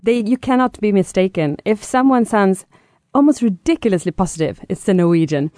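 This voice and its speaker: A woman with a Swedish accent speaks as a panel guest. Her voice is mellow and medium-pitched, and she explains things in an assured way. The sound is dry and close. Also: lively intonation, a little fast, dry recording. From Sweden.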